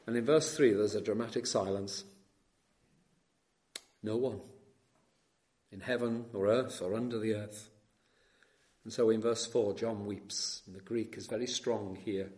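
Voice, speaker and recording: A man preaching an expository sermon, swinging between soft and loud emphasis and slowing down to stress key words, with questions put to the listeners. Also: lowish voice.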